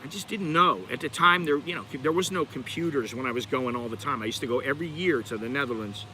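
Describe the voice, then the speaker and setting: A man's voice: mid-range voice, quick pace, pushed and bright, slight background noise. A middle-aged American man hosting his channel, rambling in a chatty, digressive way and talking straight to his viewers. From United States. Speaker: channel host. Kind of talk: rambling livestream chat.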